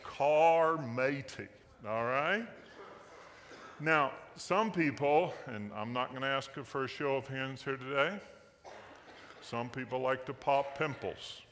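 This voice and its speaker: A man's voice: mid-range voice, measured pace, a bit bright, big-room sound, a little hiss or hum. A man preaching a sermon as pastor, in a folksy, joking way, asking the congregation questions in a church sanctuary.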